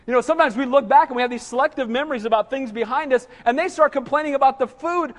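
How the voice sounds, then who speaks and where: A man's voice: very high voice, quick pace, hardly any pauses, big-room sound. A man preaching a sermon as pastor, conversational and humorous, full of rhetorical questions to the congregation.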